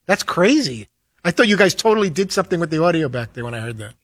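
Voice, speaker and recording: A man with a slight lisp trades jokes with his co-hosts, quick and self-mocking. He talks fast in a slightly higher voice. The sound is dry and close to the mic. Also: very animated, fairly bright tone, dry recording. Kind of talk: casual studio banter.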